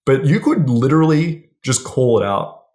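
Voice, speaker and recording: This is a man coaching viewers on dating straight to the camera. His voice sits at a mid pitch, and his manner is casual and blunt. He swears without a second thought and keeps checking in with a quick "right?". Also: very animated, a little mellow. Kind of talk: direct-to-camera advice.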